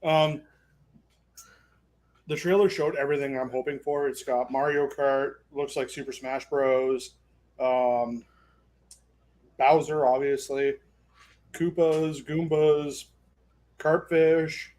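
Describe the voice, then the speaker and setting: A man's voice: mid-range voice, fairly even intonation, slow, long pauses, darkish tone. A man, a guest on a casual chat show, rambling eagerly with lots of ums and restarts. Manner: rambling, eager fan with many fillers.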